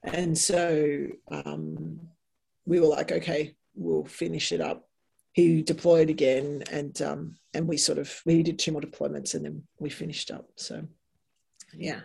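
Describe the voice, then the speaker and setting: An Australian woman, a podcast guest, telling lively stories in a casual way and acting out the quotes. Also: low voice, a little slow, vocal fry, breathy edge. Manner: animated yarn-spinning, acts out quotes. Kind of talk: casual storytelling.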